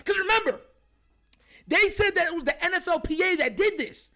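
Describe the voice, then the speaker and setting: A man hosting a sports talk show, ranting heatedly and shouting his points over and over. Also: extremely high pitch, animated, normal speed. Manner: fired-up, shouting, repetitive emphatic. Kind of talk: heated sports commentary rant.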